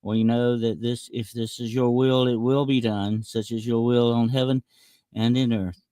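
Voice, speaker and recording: A man who is a guest on an online talk show, joking in chat and measured and solemn as he leads a prayer. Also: medium pitch, level tone, warm tone, no echo. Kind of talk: casual interview and spoken prayer.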